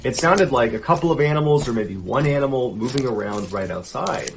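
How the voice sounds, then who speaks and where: A young adult man narrating a story dramatically, building suspense and dropping to hushed tones. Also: mid-range voice, lively intonation, brisk, a little hiss or hum.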